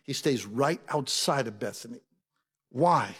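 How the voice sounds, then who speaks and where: A man's voice: mid-range voice, lively intonation, a little slow, a bit bright, breathy edge. A man preaching a sermon in a conversational way, putting questions to his congregation. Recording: long reverb of a large hall.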